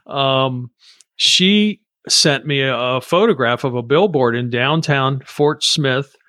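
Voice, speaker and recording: A man co-hosting a casual political chat. His voice sits in a middle register and sounds close and dry. He walks through his reasoning in a measured way, asking and answering his own questions. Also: medium pitch, sharp tone, no room sound. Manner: measured, explanatory, with fillers. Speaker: podcast co-host.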